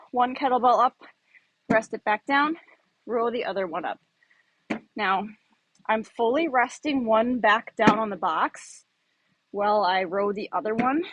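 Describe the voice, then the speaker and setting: A woman in her thirties explains each exercise as she demonstrates it, chatty and full of fillers. She is slightly out of breath. Her voice sits on the high side, close to the mic and dry. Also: no room sound. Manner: casual, explanatory, many fillers. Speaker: fitness instructor.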